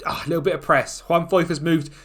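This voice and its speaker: A man commentating on his own football management game, excitable and quick to groan and shout at the action. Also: on the high side. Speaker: gaming YouTuber.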